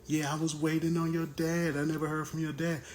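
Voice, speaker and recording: A man's voice: on the high side, level tone, brisk, a little hiss or hum, pitched above the performer's own voice, natural voice. A man imitating his evasive ex-wife in a raised voice, defensive and brushing off questions.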